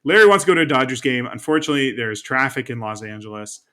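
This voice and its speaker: Bright-voiced man co-hosting a podcast. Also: medium pitch, lively intonation, very fast, clear, resonant tone. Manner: conversational, recaps episodes with light laughs. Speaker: podcast co-host. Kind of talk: casual chat.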